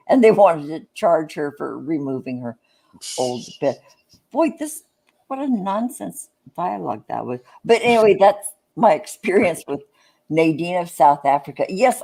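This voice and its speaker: Woman, casual chat, rambling, restarts, lowish pitch. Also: dark tone. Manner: rambling storyteller, many restarts. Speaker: live stream chat participant.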